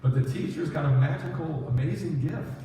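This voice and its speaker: A man giving a conversational sermon as a rabbi, self-deprecating and animated, telling stories with quoted asides. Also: on the high side, normal speed, background noise. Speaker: rabbi teaching a congregation. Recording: echoey hall from far off.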